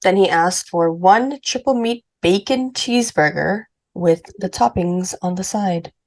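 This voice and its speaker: A woman from Puerto Rico chats on a podcast in a somewhat low voice. She reads out lists at an easy pace, then bursts into quick, animated asides. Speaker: podcast co-host. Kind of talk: casual chat.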